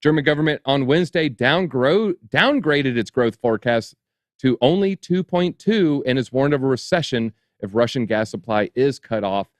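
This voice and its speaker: A man's voice: mid-range voice, expressive, normal speed. A man reads news stories aloud on a casual talk show, breaking in often with sarcastic side remarks. His voice is recorded close up in a dry, dead room with no reverb. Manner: reads headlines, then adds dry sarcastic asides. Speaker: crypto show co-host. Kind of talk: news commentary, reading articles aloud.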